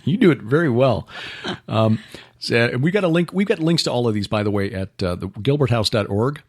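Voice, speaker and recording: A man's voice: mid-range voice, lively intonation, fairly quick. A man hosting a podcast, chatting casually about upcoming events with many fillers and restarts. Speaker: podcast host. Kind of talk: casual chat.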